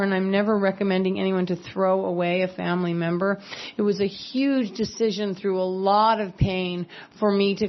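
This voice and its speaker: A woman from California speaks earnestly about her own recovery, candid and direct, with the odd wry aside. Her voice sits at an ordinary middle pitch. The recording is slightly dull and lo-fi. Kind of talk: personal recovery talk.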